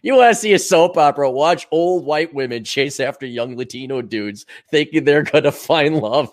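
A man's voice: fairly high pitch, lively intonation, normal speed. A man co-hosting a podcast in crude, joking casual chat. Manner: crude, joking, mimics accents. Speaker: podcast co-host.

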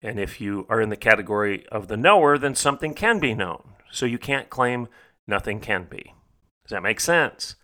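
A man's voice: on the low side, expressive, normal speed, bright, forceful tone. A middle-aged man hosting a podcast, delivering an emphatic, rhetorical monologue that repeats phrases for stress. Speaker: podcast host. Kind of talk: preaching monologue.

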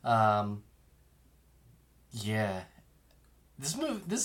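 Casual profane podcast co-host. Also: male voice, medium pitch. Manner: loose, profane, quick retelling of scenes.

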